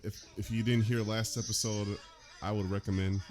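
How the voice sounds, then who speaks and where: A man's voice: lowish voice, level tone, moderate pace, music in the background. A man hosting a casual let's-play, easygoing and laughing often. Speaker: host.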